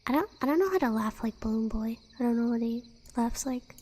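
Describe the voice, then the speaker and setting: A woman streamer in casual live-stream chat, with a soft voice, giggling and rambling with fillers and restarts. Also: fairly high pitch, lively intonation, a little fast, slight background noise.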